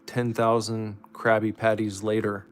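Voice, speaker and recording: A man's voice: on the low side, monotone, a little slow, soft background music. A man co-hosting a casual build stream, joking dryly with his partner. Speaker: co-host. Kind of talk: casual chat while building.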